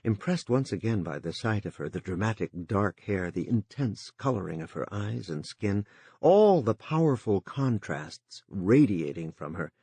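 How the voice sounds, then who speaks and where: A man with a low, husky voice narrates a science fiction novel. His telling rises and falls with lively, expressive pitch. The sound is close and dry. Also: moderate pace, no room sound. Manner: expressive, voices every character. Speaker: audiobook narrator. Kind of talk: scripted audiobook narration.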